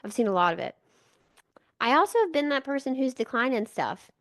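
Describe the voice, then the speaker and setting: A woman's voice: high voice, big pitch swings, a little fast, a bit bright. Woman podcast host, emphatic, affirming, conversational interview.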